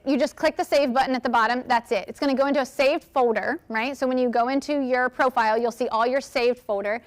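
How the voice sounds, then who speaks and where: A woman giving a lively, chatty workshop talk, answering audience questions and acting out quotes. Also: sits high. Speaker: speaker at a workshop.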